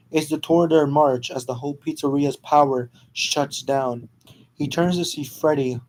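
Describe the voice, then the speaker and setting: A man narrates a homemade fan story at a brisk, casual clip, stumbling and restarting now and then. His voice sits at an average middle pitch. A faint noise runs behind him. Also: a little mellow, poor audio. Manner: quick, casual, unpolished reading with stumbles.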